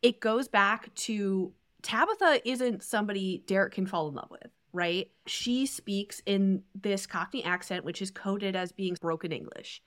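A woman co-hosting a podcast, talking through a romance novel in an animated, emphatic way. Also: medium pitch, a little slow, hardly any pauses. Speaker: podcast co-host. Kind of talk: casual book discussion.

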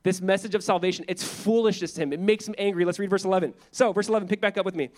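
A man preaching a sermon as pastor, casual and animated, acting out people in the story with quick voices. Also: high voice.

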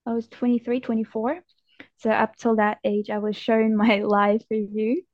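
A young adult woman, a guest in an interview, telling a personal story in a reflective, gentle and somewhat halting way. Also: on the high side, level tone, no echo. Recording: dull dry sound.

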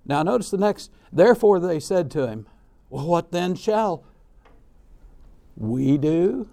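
Male preacher, sermon delivery, emphatic, dark mellow timbre. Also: high-pitched. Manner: emphatic, varies loudness and pace, repeats words.

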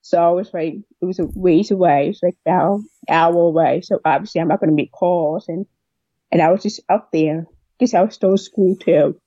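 A young deaf woman telling a long personal story in an interview, replaying what people said to her with lively voices. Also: fairly low pitch, fairly quick, no room sound, dull audio. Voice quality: deaf speech. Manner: rambling, animated retelling of dialogue. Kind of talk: casual storytelling.

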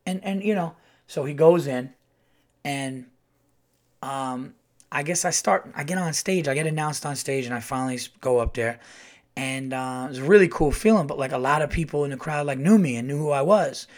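A middle-aged man telling a casual, animated story as a comedian hosting his podcast. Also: normal speed. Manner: animated, acts out quotes in a louder higher voice.

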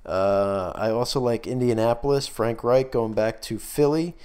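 A man's voice: mid-range voice, moderate pace, a little mellow, clear, resonant tone. A man hosting a solo sports betting podcast, talking casually with lots of fillers, out of breath and losing his voice. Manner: casual, filler-heavy picks talk. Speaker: podcast host.

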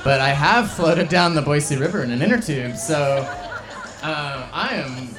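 A man's voice: on the high side, animated, a little slow. A man hosting a live storytelling event, bantering easily with a co-host. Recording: echoey room with music.

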